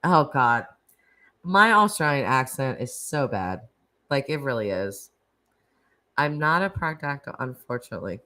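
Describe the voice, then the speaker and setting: A woman's voice: extremely low pitch, sing-song, unhurried, long pauses, sharp tone. A woman hosting a casual live stream, chatting and laughing as she reacts to viewer comments. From United States. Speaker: livestream host.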